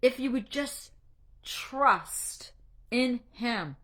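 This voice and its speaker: A woman anxiety coach giving an earnest, faith-based encouragement talk, emotional and halting, stumbling and restarting as she speaks. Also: fairly high pitch, animated, pushed and bright. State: emotional, near tears.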